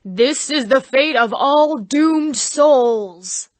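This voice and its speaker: A woman voicing a man in a devil costume who preaches in a slow, booming, pompous way. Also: no room sound. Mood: solemn. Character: solemn male actor in a devil costume.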